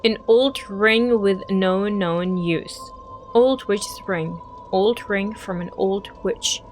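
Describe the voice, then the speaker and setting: A woman's voice: medium pitch, slow, faint music behind. A woman hosting a game walkthrough, giving chatty, emotional gameplay commentary.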